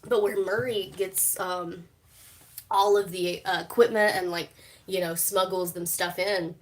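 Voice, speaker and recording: A woman's voice: on the low side, fairly even intonation, unhurried. Chatty, laughing young woman streaming live. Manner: chatty, swears freely, laughs often, many fillers. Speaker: streamer reacting to a TV show. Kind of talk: casual live-stream chat. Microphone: phone.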